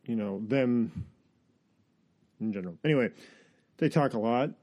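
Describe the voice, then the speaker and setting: A man's voice: medium pitch, a little slow, highs cut off. A man hosting a casual film review chat, opinionated and rambling, often restarting his sentences. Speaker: movie review podcast host.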